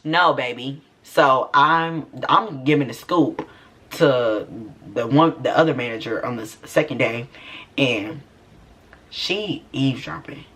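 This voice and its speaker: A young man telling a sassy, animated story about a past job, in a casual storytime vlog. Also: mid-range voice, slow, a little hiss or hum. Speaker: vlogger.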